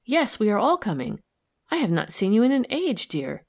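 A woman reading an audiobook, voicing a gentle, eager wife who talks breathlessly and tenderly. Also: lowish voice, lively intonation, normal speed, husky.

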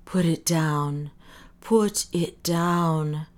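A woman voicing a tired, frightened man who is a doctor, talking in a hushed, strained, often whispered voice. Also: low voice, fairly even intonation, slow. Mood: fearful.

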